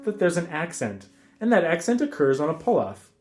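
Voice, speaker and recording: A man teaching a guitar lesson in a relaxed, casual way, counting rhythms aloud with frequent ums. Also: fairly high pitch, a little fast. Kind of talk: casual instructional talk.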